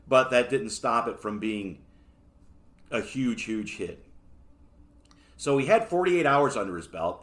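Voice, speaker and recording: A man hosting a solo podcast, reviewing a book in a casual, rambling way with joking asides. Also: lowish voice. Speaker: podcast host.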